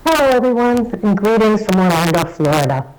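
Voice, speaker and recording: A woman's voice: mid-range voice, expressive, a little fast, poor audio. A woman with an American accent giving a chatty, enthusiastic recorded video message to a conference as an association chief executive. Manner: warm, chatty and enthusiastic, with light self-deprecating humour. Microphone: self-recorded video message.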